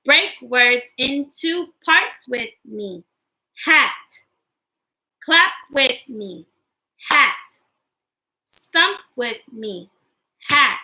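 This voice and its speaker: A woman's voice: high-pitched, very animated, extremely slow, pushed and bright, rough recording. A woman teaching young children in a livestream lesson, speaking in a sing-song, encouraging way.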